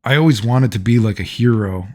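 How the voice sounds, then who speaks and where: With a lowish, warm voice and a brisk delivery, a male vlogger rambles through personal anecdotes, laughing often and leaning on plenty of fillers.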